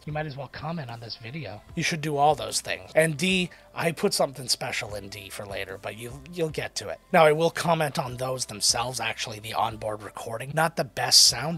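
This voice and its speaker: Fast-talking easygoing gear reviewer man. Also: mid-range voice, fairly bright tone. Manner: easygoing, self-deprecating. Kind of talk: casual product review. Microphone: dynamic podcast microphone.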